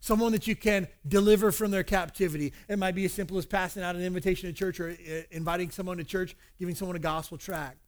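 A man's voice: high voice, steady tone, fast talker, hardly any pauses. A man preaching a sermon to his congregation, candid and conversational, weaving in personal stories. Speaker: pastor. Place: church service.

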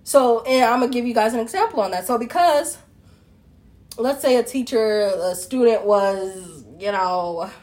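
A woman's voice: fairly high pitch, moderate pace, darkish tone. A woman delivering a casual opinion monologue to her followers, talking straight to the listener with lots of rhetorical questions and firm, blunt asides. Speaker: relationship commentator.

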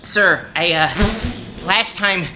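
A man's voice: high-pitched, extremely slow, noisy background, voice pushed up. A man doing a stammering nervous underling. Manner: stammering, hesitant. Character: nervous male underling soldier.

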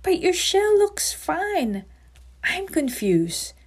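A woman's voice: sits high, sing-song, unhurried, voice pushed up. Woman reading as an eager little ant. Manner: bright, helpful storybook reading. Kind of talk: read-aloud storybook.

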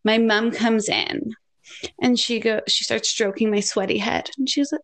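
A young woman co-hosting a casual chat, telling animated stories and acting out quoted lines. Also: fairly high pitch, moderate pace. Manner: animated, says "like" often, acts out quotes.

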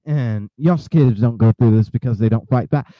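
A man's voice: mid-range voice, moderate pace, dry recording, lo-fi sound. A male host giving impassioned, angry commentary, preaching at his listeners with many filler uhs and restarts. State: outraged.

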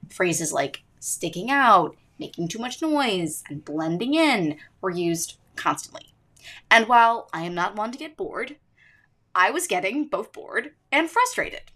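A woman's voice: medium pitch, sing-song, a little slow, a bit bright. A teenage girl hosting her school podcast, narrating from a script in an earnest, emphatic way. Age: teens. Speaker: student podcast host.

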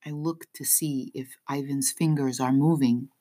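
A woman narrating an audiobook in the first person with expressive, unhurried storytelling. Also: very deep voice.

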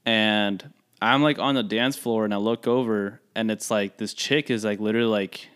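Smooth-voiced young man telling stories. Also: on the low side, steady tone, moderate pace, a bit bright. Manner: storytelling, many fillers like "like" and "you know". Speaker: podcast co-host. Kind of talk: casual chat.

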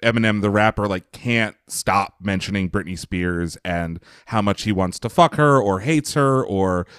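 A low-voiced male podcast co-host musing loosely, trailing off into fillers. The sound is dry and close. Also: a little slow, a bit bright, clean tone, no echo. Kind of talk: casual chat.

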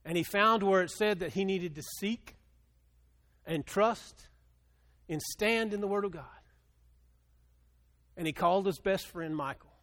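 A middle-aged male pastor preaching a sermon, moving between quiet storytelling and loud, impassioned appeals. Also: high-pitched, unhurried, pauses often.

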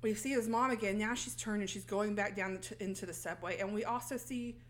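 A woman's voice: medium pitch, steady tone, fairly quick, slight background noise. A woman co-hosting a podcast, telling a film's story in casual chat and acting out the characters' lines. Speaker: podcast co-host recapping a film.

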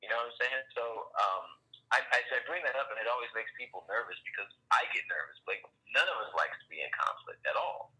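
A man's voice: fairly low pitch, animated, fast, sharp tone, poor audio. A man in casual podcast chat, laid-back and profane, laughing often as he talks.

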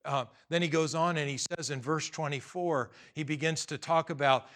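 Bright-voiced male pastor preaching. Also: a little high, steady tone, moderate pace, few pauses. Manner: conversational preaching with humor and acted asides. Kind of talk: sermon.

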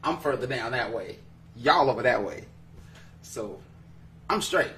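A man's voice: medium pitch, lively intonation, a little slow, sharp tone, recorded from a distance, slight background noise. A man hosting a podcast in casual chat, joking and laughing often as he teases his co-hosts. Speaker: podcast host.

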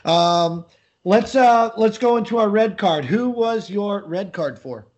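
A man's voice: high voice, expressive, takes it slowly, a little mellow, highs cut off. An American man hosting a casual sports podcast, teasing his co-host and joking, with lots of hesitant fillers.

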